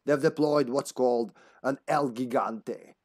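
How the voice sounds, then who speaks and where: Guy doing a spooky slow voice for a mystery note writer in a game, drawn out and deliberate. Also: mid-range voice, a little mellow, natural voice. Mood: ominous. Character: mysterious anonymous letter writer reading warnings.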